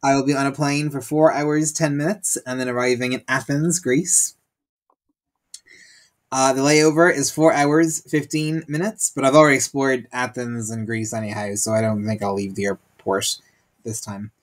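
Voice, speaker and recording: A man's voice: mid-range voice, steady tone, normal speed. A man from Ireland, co-hosting a podcast in a casual, joking, rambling way and laughing often. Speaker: podcast co-host. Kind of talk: casual chat.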